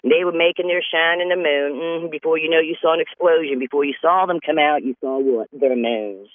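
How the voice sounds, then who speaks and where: This North Carolina host speaks briskly in a slightly high voice, wandering through a comic monologue and often cracking himself up. His recording sounds thin and tinny, like a phone line, with no reverb.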